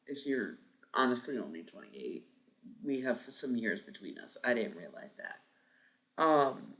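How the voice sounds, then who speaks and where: This is a streamer around thirty, chatting casually and thinking aloud. The voice has a gravelly, fry-edged texture and swings widely in pitch. The talk is loose and peppered with curse words. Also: very animated, unhurried, fairly bright tone. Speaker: live streamer. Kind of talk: casual chat with stream viewers.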